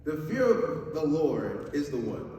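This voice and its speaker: A man's voice: fairly high pitch, very animated, unhurried, dark tone. A young man preaching a youth sermon in an upbeat, chatty way, often checking in with his listeners. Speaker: youth pastor. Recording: echoey hall, mic far off, faint noise.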